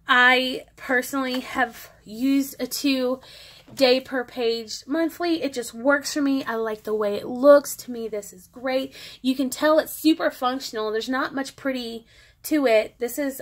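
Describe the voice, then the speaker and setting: A woman's voice: fairly high pitch, fairly bright tone. An adult woman and mother, chatting casually through a show-and-tell about her planner, rambling and breaking off mid-thought. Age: adult parent. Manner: chatty, rambling, self-interrupting. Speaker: planner vlogger.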